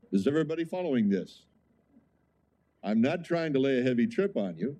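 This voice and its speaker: A man's voice: medium pitch, dark tone, muffled recording. A man preaching a sermon as pastor, conversational, with frequent rhetorical questions to the congregation.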